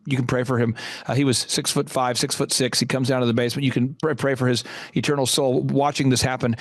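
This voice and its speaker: A middle-aged man hosting a business show, telling a motivational story in an animated way and acting out the people in it. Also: mid-range voice, fast, no echo, clean studio sound. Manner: animated, acts out voices in his stories. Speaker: host.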